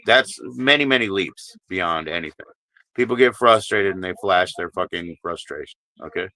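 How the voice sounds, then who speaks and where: A livestream host with a deep, sharp voice talks at a moderate pace, bluntly and profanely consoling a caller during a casual live chat. The sound is dry, through a streaming mic.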